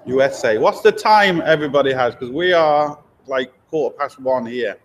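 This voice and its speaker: There's a little hiss or hum as a medium-pitched man with lively intonation streams live from a garage workshop. Loose and chatty, he tosses in fillers and quick asides while reading viewer comments into a laptop or camera mic a helper holds.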